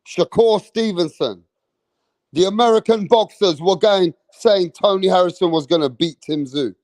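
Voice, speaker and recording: A man's voice: high-pitched, normal speed, a little mellow, dry recording. A man hosting a live stream about boxing, brash and profane, talking straight to his chat and boasting about his predictions. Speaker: boxing channel host.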